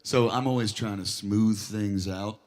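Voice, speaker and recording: At a record store gig, this male guitarist and songwriter fills the gaps between songs with chatty, wandering stories for a small crowd, admitting he's a nervous talker. His voice is lowish and steady, and he takes his time.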